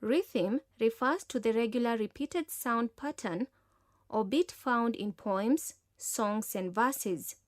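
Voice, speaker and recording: A woman teacher giving a scripted lesson narration in a slow, measured, clear manner. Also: fairly high pitch, no echo, clean studio sound.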